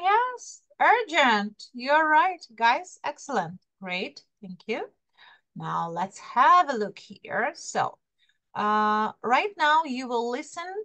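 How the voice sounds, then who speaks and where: A woman with a high-pitched, fairly bright voice, recorded with no echo, teaches an English class online over a video call. She coaxes her students, calls on them by name, and repeats key words.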